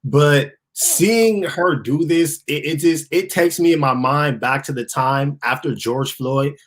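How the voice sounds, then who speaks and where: A man co-hosting a talk show, giving blunt, slangy political commentary with the odd laugh. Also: on the high side. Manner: blunt, laughing, slangy, slows to stress points. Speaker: co-host.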